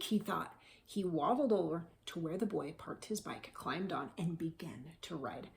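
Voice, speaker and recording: Animated woman reading a picture book. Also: lowish voice, measured pace, vocal fry. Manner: animated, with gasps and questions to children. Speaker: teacher reading aloud. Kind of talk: picture book read-aloud for children.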